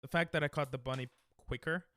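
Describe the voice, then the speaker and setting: A young man chatting casually and excitably while he streams a speedrun, joking and breaking into laughter. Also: mid-range voice, quick pace, no echo. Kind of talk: casual gaming stream chat.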